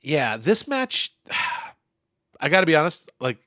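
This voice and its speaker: A man's voice: a little high, big pitch swings, takes it slowly, pushed and bright, no room sound, studio quality. A man hosting a casual podcast, moving the talk along and giving his opinions. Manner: chatty, runs the segments. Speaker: podcast host. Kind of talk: casual chat.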